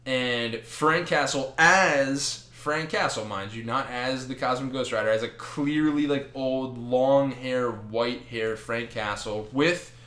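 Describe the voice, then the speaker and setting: A man in casual podcast chat, retelling a comic book with lots of swearing and quick acted-out lines. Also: medium pitch, echoey room. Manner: animated, swears freely, acts out characters' lines.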